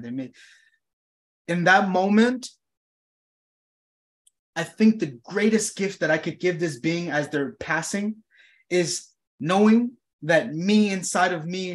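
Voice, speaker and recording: Man, motivational speaker, fairly high voice, earnest, profane, voices his own thoughts aloud. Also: slow, pauses often, fairly bright tone. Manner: earnest, swearing, acts out inner dialogue. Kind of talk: reflective motivational monologue.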